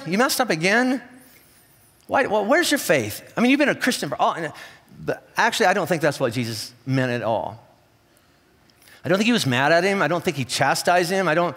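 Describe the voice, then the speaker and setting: A man preaching a sermon in a casual, animated storytelling way, acting out the people in his stories. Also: a little high, in a large hall. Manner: conversational, animated storytelling with acted-out quotes. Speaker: pastor. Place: church auditorium.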